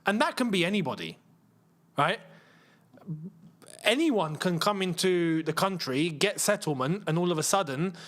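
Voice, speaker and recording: A man's voice: high voice, animated, normal speed, pauses often, fairly bright tone. A young English man hosting a football watchalong, chatting casually with viewers and explaining things at length with lots of fillers. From England. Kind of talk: casual live-stream chat and commentary.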